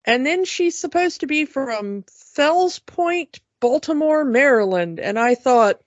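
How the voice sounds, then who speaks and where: A woman co-hosting a podcast, telling stories in a chatty, unhurried way with fillers. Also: high-pitched, lively intonation, dry recording. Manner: chatty, drawn-out storytelling with fillers. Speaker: podcast co-host. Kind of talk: casual podcast chat. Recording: dull lo-fi podcast mic.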